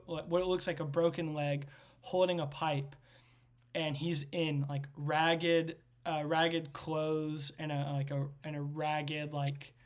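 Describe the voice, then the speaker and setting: A man working as game master, describing a scene in loose, rambling narration full of fillers. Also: a little high.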